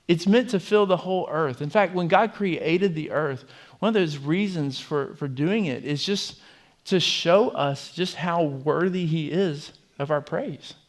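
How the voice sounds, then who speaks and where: A man's voice: fairly high pitch, a little slow, hardly any pauses. A man preaching a sermon as pastor, in a conversational way with frequent fillers and restarts. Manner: conversational, with fillers and repeated words. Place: church.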